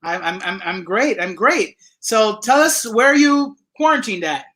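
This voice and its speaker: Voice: medium pitch, lively intonation, normal speed, a bit bright. Friendly stumbling concert host. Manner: friendly, stumbles and repeats words. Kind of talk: casual host introductions and questions.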